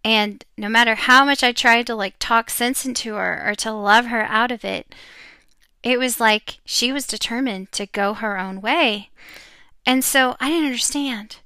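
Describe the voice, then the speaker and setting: A middle-aged woman sharing an emotional personal testimony about her faith, talking earnestly with pauses and fillers. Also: a little high, pushed and bright, clean tone, no room sound. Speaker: Christian speaker sharing a testimony.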